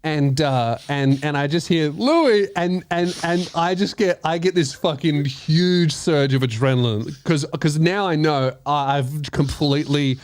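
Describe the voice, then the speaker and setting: Casting: high-pitched man, lively comic storyteller, swears freely. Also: unhurried, hardly any pauses, dry recording. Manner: animated, swearing, laughing, acting out voices. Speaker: comedian host telling a story. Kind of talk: casual podcast storytelling.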